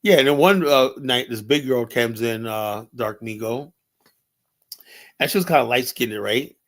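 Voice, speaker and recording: A man's voice: medium pitch, a little slow. A man hosting a streaming show, telling stories in a casual, profane way, laughing often and quoting other people's voices. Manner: laughing, profane, animated retelling with quoted voices. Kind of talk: casual storytelling monologue. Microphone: streaming setup mic.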